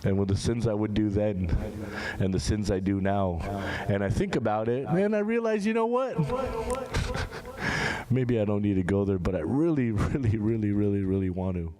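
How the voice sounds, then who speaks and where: A young man giving an informal sermon to a large gathering, talking to the audience in a conversational way and asking them questions. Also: fairly quick. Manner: conversational, asks the audience questions, animated rises in pitch. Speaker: speaker at a Muharram gathering. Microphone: handheld microphone. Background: crowd of listeners.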